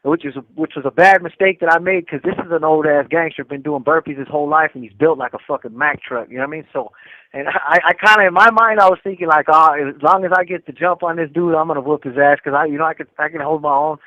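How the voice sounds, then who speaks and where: A middle-aged man telling a rough prison story in a quick, profane, filler-heavy way on a live call-in show. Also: fairly high pitch, fairly even intonation, no room sound. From California. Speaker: co-host. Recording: tinny phone line, dry.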